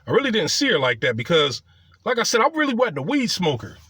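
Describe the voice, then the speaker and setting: A man's voice: sits high, fast, slightly rough, dry recording, clean studio sound. A man casually telling a crude, boastful personal story, swearing freely as he goes. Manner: profane, boastful and animated.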